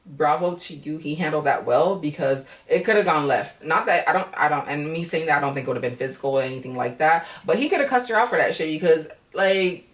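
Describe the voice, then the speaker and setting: A woman with a low voice runs through a reality show episode in a casual, candid recap. She is blunt and swears freely, and she acts out what the cast said. Her voice sounds a little distant from the mic. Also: lively intonation, brisk, hardly any pauses. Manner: blunt, profane, chatty, acts out quotes.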